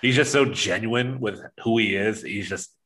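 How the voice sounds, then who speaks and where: Another co-host on the sports podcast has a fairly low, slightly rough voice with a bit of brightness, delivered at a moderate pace. He's just as enthusiastic and rambling, laughing often through the casual chat.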